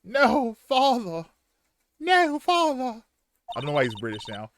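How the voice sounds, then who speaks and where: Terrified little boy, panicked shrieks, very high , man doing the voice. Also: huge pitch swings, unhurried, a bit bright, heavily acted. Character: terrified young boy screaming for his father.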